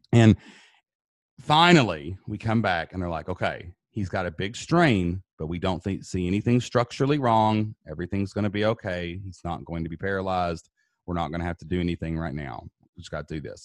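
Low-voiced man in his thirties, earnest storyteller on a podcast mic, dry close sound. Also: no echo. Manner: earnest, builds intensity while retelling. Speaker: podcast guest. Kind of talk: emotional personal storytelling.

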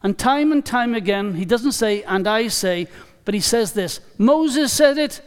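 High, resonant-voiced preacher in reverberant hall. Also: male voice, animated, smooth. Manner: emphatic, deliberate preaching with repeated phrases. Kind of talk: sermon. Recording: long reverb of a large hall.

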